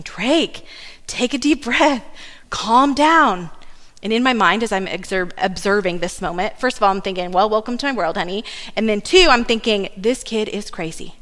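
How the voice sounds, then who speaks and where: Higher-voiced woman preaching in a hall. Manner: warm storytelling with asides and laughs. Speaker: church speaker. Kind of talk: sermon. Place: church sanctuary.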